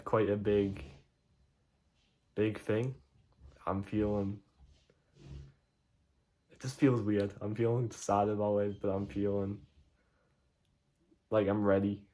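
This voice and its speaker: A man talking haltingly in a personal video diary from his own room, often searching for words. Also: fairly low pitch, mellow. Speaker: vlogger.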